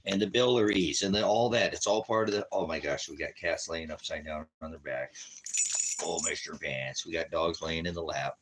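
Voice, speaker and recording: A man's voice: rumbling low, moderate pace, background noise. A man preaching casually on a live stream from home, rambling, joking and talking to his dogs.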